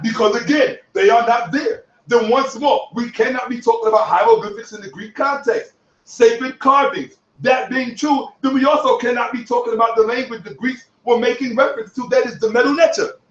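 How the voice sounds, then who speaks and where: A man giving heated commentary on other online creators, boastful and profane, sometimes shouting. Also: extremely high pitch, moderate pace. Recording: echoey room, distant from mic, dull audio.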